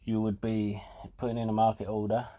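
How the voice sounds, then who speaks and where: A man hosting a casual talk show, explaining things in a halting way with fillers and restarts, and sounding out of breath. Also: fairly low pitch, monotone, dark tone. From United Kingdom. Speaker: host.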